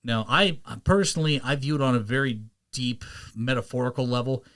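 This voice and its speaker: A man's voice: mid-range voice, fairly bright tone. Chatty man hosting a podcast. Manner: chatty, quick asides and impressions. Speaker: podcast host. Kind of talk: casual chat.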